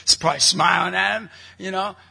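A middle-aged man preaches to a live crowd in a big hall, and his voice rings with long reverb. His tone is high, bright and a little husky. He tells jokey family stories and keeps breaking into shouted emphasis. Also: fairly even intonation, a little fast. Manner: punchy, jokey storyteller, bursts into shouting emphasis. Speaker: Catholic evangelist speaker. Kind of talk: energetic preaching talk to a live audience.

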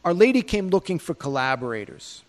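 A man's voice: high-pitched, very animated, a little fast. A man preaching a sermon in a provocative, conversational way, with many rhetorical questions. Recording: long hall reverb.

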